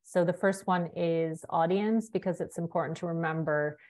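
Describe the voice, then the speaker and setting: A woman's voice: on the low side, normal speed, darkish tone. A woman presenting a funding workshop over a video call, explaining in a loose, conversational way. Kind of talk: webinar presentation.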